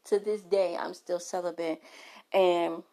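Frank, gravelly-voiced woman vlogger. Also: fairly low pitch, level tone, measured pace, dark tone. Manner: emphatic, frank, stumbling restarts. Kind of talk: candid talk to camera.

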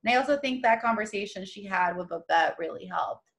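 A woman's voice: mid-range voice, a little fast. A young woman co-hosting a podcast, chatting casually and animatedly about a TV show, with lots of "like.". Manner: chatty, animated, acts out quotes with many "like"s. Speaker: podcast co-host.

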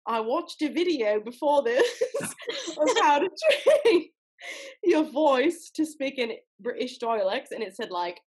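A woman co-hosts a loose, joking chat in a fairly high voice with a slight huskiness. She talks in a playful, giggly way and makes fun of herself. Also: sing-song, takes it slowly, darkish tone, breathy edge. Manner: playful, giggly, self-mocking. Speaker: co-host. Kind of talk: casual chat.

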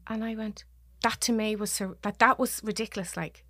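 A woman with a Dublin Irish accent, a podcast guest telling a personal story in halting, restarting sentences and voicing what others said. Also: mid-range voice, fairly even intonation, a bit bright, no echo. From Ireland. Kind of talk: personal story told in conversation.

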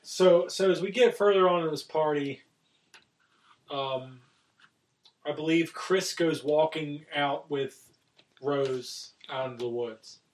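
A man walks through a film's story in an easy, chatty way. His voice sits slightly high. He sounds a bit distant, as if he is turned away from the microphone. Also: slow, pauses often. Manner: recapping plot with fillers. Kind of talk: casual film chat.

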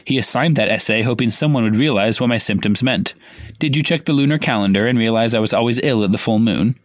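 A man reading the lines of a calm, pale male werewolf teacher in his own everyday voice, patient and explaining. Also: medium pitch, fast, no room sound, studio quality, natural voice. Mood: cool.

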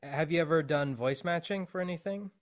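A man's voice: fairly high pitch, a little fast. A man hosting a podcast in a casual, chatty way, explaining things for listeners. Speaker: podcast host.

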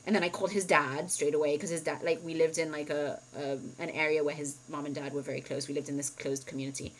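A woman's voice: deep voice, little pitch movement, fast talker, a little hiss or hum, rough recording. Chatty woman telling a personal story. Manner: candid, chatty storytelling with frequent "like" and "um". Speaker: podcast co-host. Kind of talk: casual chat.

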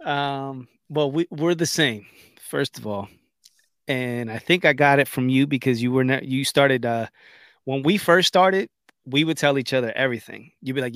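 In casual podcast chat, a male co-host tells stories with animation and acts out quotes. His voice sits in the mid range at a normal speed, and the studio recording is clean with no echo.

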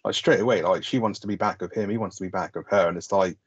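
A man's voice: low voice, fairly even intonation, fast talker, husky, no echo, dull audio. A man co-hosting a film podcast, chatting casually, rambling and sweary with lots of "like". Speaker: podcast co-host. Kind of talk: casual film review chat.

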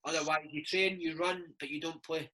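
A man's voice: a little high, steady tone, moderate pace, pushed and bright, low-quality recording. A Scottish man putting on a mock Italian accent to imitate a strict, theatrical football manager who speaks in broken English. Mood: stern. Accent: put-on Italian. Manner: broken English, stern and clipped.

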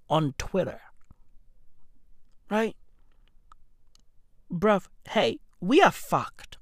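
A woman giving a comedic, slangy rant to camera, bursting into shouts. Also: mid-range voice, no room sound, studio quality. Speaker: vlogger.

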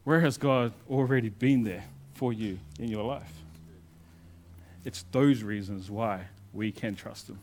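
A male pastor preaching a sermon in a conversational storytelling way, moving between loud emphasis and quiet asides. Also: lowish voice, a little slow, slight background noise.

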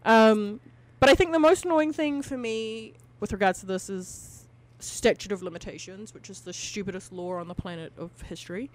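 A woman's voice: mid-range voice, normal speed. A woman co-hosting a casual podcast, rambling, swearing freely and using lots of fillers. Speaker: podcast co-host.

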